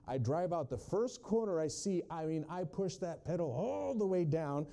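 A man preaching a sermon, sharing his testimony and shifting between hushed storytelling and loud, emphatic quotes. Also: on the high side, animated, normal speed, creaky.

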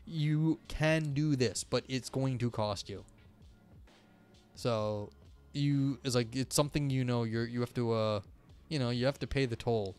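Guy on a stream reading a text out loud then rambling about it, mid-pitched voice. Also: unhurried, smooth, faint music behind. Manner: reads passages aloud, then breaks off into loose musing asides. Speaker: livestream host reading and analyzing texts. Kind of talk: reading aloud with casual commentary.

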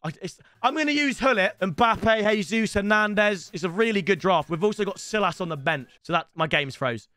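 A young man commentating excitedly on his own video game stream, shouting between calm stretches. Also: high-pitched, normal speed, hardly any pauses, no room sound. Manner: excitable, shouts and swings between hype and frustration.

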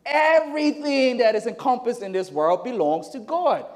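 A man takes part in a church Bible class, explaining his point conversationally through an everyday example. His voice sits high and moves up and down in a lively way. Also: normal speed. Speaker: class participant. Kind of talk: church Bible lesson discussion. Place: church sanctuary.

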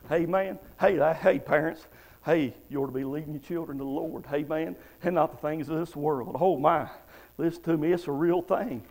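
Man, high pitched, gravelly voice, fervent church sermon. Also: moderate pace, darkish tone, poor audio. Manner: fervent revival preaching, repetitive "amen" and "hey, man". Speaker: preacher. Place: church sanctuary.

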